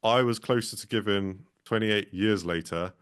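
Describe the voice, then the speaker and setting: Man, hesitant talk with restarts, lowish voice, podcast co-host. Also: moderate pace, clean tone. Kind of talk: casual chat.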